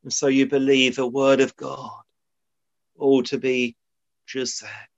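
A man's voice: mid-range voice, level tone, slow pace. A man preaching a sermon in a solemn, earnest way, often quoting old scripture. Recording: dull lo-fi sermon recording.

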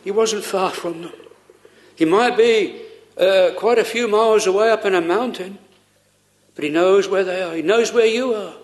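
A man preaching a sermon in an earnest, pleading way, full of pauses and rhetorical questions. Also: high voice.

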